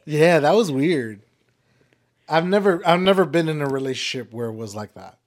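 A man's voice: fairly high pitch, animated, moderate pace. A man co-hosting a podcast with his partner, laughing often and talking in loose slang. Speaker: podcast co-host. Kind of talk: casual couple chat.

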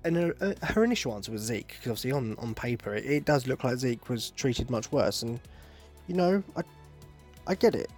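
A young man talks in a loose, rambling monologue as a podcast host. He is excitable and sweary, jumping between rants and self-mocking jokes at a mid-range pitch, with soft music faintly under him. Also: brisk.

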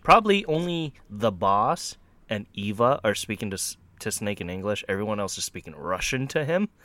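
A man chatting casually about a video game, excitable and laughing often, tripping over his words. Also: on the low side, moderate pace, no echo. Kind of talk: casual gaming chat.

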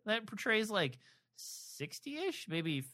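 A man co-hosting a podcast, talking casually and haltingly with many fillers and restarts. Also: on the high side, animated, bright, forceful tone. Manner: rambling, hesitant, lots of fillers and restarts. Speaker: podcast co-host. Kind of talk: casual chat about a TV adaptation.

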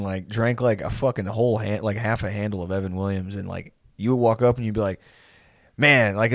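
A man's voice: fairly low pitch, no room sound, studio quality. A young man chatting casually, telling rambling stories full of swearing, laughing often and putting on voices for the people he quotes. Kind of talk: casual chat.

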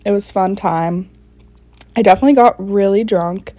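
A woman in her early twenties hosting a podcast. She tells a story in a chatty, excitable way and fills her talk with lots of "like". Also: mid-range voice, normal speed, no room sound. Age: early 20s. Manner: chatty, filler-heavy, excitable. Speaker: podcast host. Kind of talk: casual storytelling recap.

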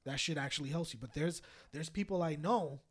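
A young man co-hosting a podcast, telling a story in casual chat, animated and swearing, often laughing. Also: on the high side, a little fast, husky. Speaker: podcast co-host.

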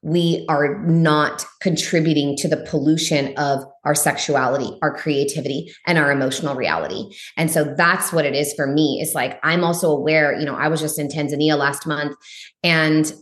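A woman guest, a spiritual teacher, talks at a moderate pace in an echoey room on a candid podcast. Her manner is blunt and forceful, with plenty of swearing and "like", her pitch shooting upward whenever she emphasizes something.

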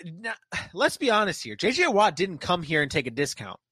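A man hosting a casual sports podcast, animated and joking as he leads the talk. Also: high voice, brisk, breathy edge, no room sound. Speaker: podcast host.

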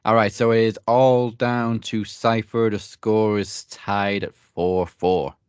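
A man answering wrestling trivia in a casual podcast chat, laid-back and quick to laugh. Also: lowish voice, little pitch movement, clean tone, no echo. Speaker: trivia contestant.

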